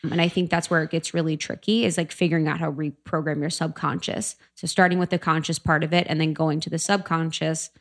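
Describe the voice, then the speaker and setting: Co-host, woman: lowish pitch, reflective, loose and filler-heavy. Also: flat delivery, quick pace, few pauses. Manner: reflective, self-help phrasing with many fillers. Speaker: podcast co-host. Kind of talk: casual podcast conversation.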